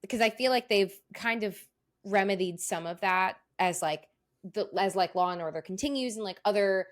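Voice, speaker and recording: A woman's voice: medium pitch, normal speed. A woman co-hosting a podcast, chatting casually, laughing often and swearing offhandedly. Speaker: podcast co-host. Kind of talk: casual chat.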